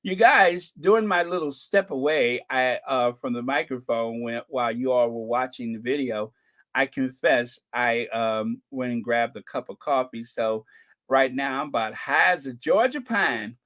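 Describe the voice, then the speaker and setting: A man's voice: mid-range voice, unhurried, a bit bright. A man hosting a casual live stream, chatting about photos and thanking viewers by name with chuckles.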